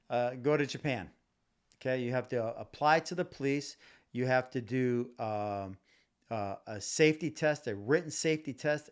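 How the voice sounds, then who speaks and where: On a home podcast mic, a man hosts his own show and rants alone with real passion. His smooth, mid-range voice keeps circling back to the same points, tripping over restarts and fillers along the way.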